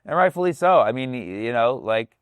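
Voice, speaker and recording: A man's voice: medium pitch, lively intonation, fairly quick, clean tone, no echo, clean studio sound. A man, a comedian, talking casually on a podcast, loose and profane, slipping into voices to act out other people. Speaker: comedian guest.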